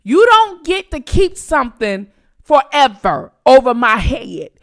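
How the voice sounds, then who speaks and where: A woman's voice: sits high, big pitch swings, measured pace. A woman hosting her own channel, giving blunt, profane, teasing live-stream commentary to her viewers. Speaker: channel host.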